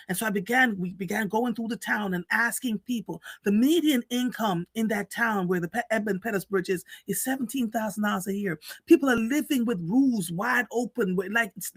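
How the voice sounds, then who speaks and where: A woman hosting a live show, telling stories in an animated, chatty way with many restarts. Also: a little high, dry recording. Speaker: host. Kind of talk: casual storytelling chat.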